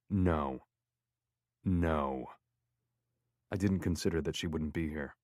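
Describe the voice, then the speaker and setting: A man reading a first-person audiobook, with a sardonic, deadpan inner-monologue delivery into a close mic. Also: a bass voice, slow pace, pauses often, dry recording. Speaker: audiobook narrator.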